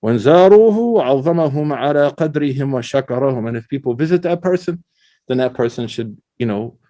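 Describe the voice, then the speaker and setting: A middle-aged man, an Islamic scholar, giving a casual religious lecture with animated storytelling, slang and recited Arabic quotations. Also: mid-range voice, quick pace.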